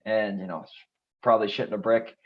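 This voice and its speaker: A man co-hosting a podcast, recapping a TV episode in a relaxed, steady way. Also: fairly low pitch, fairly quick, muffled recording. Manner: relaxed, steady retelling with fillers. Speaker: podcast co-host. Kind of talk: casual recap chat.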